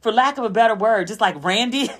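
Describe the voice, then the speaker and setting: Chatty woman host telling stories. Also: quick pace. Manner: chatty storytelling, acting out quotes with a raised pitch. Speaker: podcast host. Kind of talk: casual chat.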